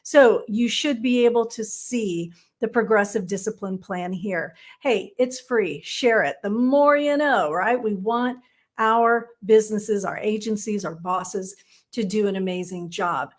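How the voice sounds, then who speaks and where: A woman from Texas, teaching counseling supervisors in a casual live stream, chatty and blunt, often tagging "right?" onto her points. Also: mid-range voice. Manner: chatty, frequent "right?" tag questions; blunt, playful asides.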